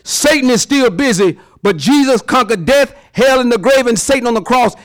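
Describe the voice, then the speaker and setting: Male pastor, high voice, very animated delivery, folksy sermon. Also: moderate pace. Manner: lively preacher acting out voices, folksy examples.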